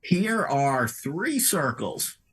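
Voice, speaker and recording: A man's voice: on the high side, sing-song, drawn-out words, fairly bright tone, breathy edge. A man working through a geometry problem as a math tutor, talking in a hesitant, methodical way.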